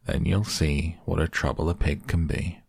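A man voicing a farmer father who speaks firmly but gently. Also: a bass voice, moderate pace, creaky, husky, no room sound, clean studio sound, full character voice. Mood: gentle. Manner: firm, calm.

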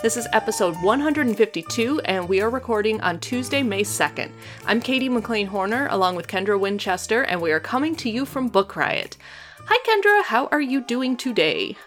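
A woman's voice: fairly high pitch, expressive, a little fast, fairly bright tone, soft background music. A woman co-hosting a podcast in casual, jokey chat, laughing often. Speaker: podcast co-host.

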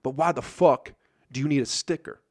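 A man's voice: mid-range voice, fairly quick, no room sound, clean studio sound. A man hosting a solo podcast, ranting in a grumpy, sarcastic, profane way. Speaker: podcast host.

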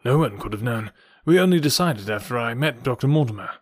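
A man's voice: mid-range voice, expressive, brisk, dry recording, clean studio sound, natural voice. A man reading aloud and voicing a blunt, impatient young heir who talks plainly and directly. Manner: blunt, forthright, plain-talking.

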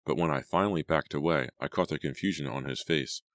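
A man narrating an audiobook in a measured, even storytelling manner. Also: rumbling low, no room sound, clean studio sound. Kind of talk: scripted narration.

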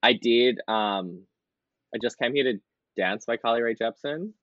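A man, chatting as a podcast guest, full of fillers and quick laughs. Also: mid-range voice, no echo, highs cut off. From Australia. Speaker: podcast guest, drag performer. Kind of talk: casual interview chat.

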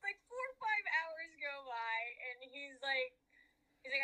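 A woman from Florida, a podcast guest, telling a long, animated and profane story in casual interview chat. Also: high-pitched, measured pace, rough recording.

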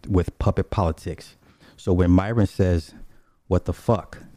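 A man giving a rambling, profane, casual commentary, slipping into quick voices when he quotes people. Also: sits low, steady tone, dark tone, no echo. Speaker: commentator on online streamers.

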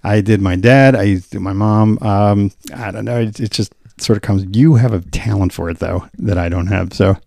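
A man's voice: lowish voice, normal speed, gravelly, few pauses, warm tone, no room sound, clean studio sound. A man co-hosting a podcast, chatting loosely and laughing often. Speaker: podcast co-host. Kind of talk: casual chat.

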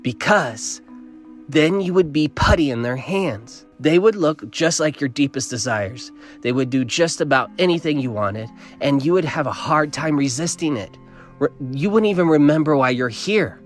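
A man voicing a wary older woman guide who gives hushed, urgent warnings. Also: fairly high pitch, animated, normal speed, soft background music, voice pushed up, lightly acted.

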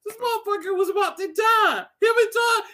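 A man co-hosting a casual podcast, talking loudly and laughing, acting out characters as he retells scenes. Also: very high voice, a little fast. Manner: loud, animated, laughing, acts out characters in quotes. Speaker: podcast co-host. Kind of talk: casual chat.

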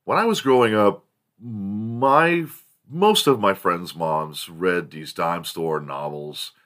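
Male host, low bright voice, profane and animated casual storyteller. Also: slow pace. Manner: profane, animated storyteller with big pitch jumps.

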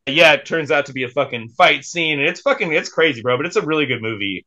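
A man's voice: medium pitch, expressive, fast talker, few pauses, sharp tone, dull audio. A young man co-hosting a casual podcast, laid-back, swearing freely and laughing often. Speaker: podcast co-host.

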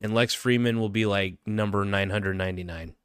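Young guy doing a rambly jokey podcast rant, kinda low voice, dry close sound. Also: steady tone, a little fast, fairly bright tone, clean tone, no echo. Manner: joking, self-mocking bravado with many fillers. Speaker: podcast host. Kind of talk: rambling comedic monologue.

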